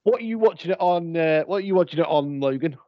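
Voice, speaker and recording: Rambling British podcast host, fairly high. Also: male voice, animated, quick pace, no room sound, lo-fi sound. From United Kingdom. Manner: rambling, stops and restarts often, playful. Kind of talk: casual chat, live movie watch-along.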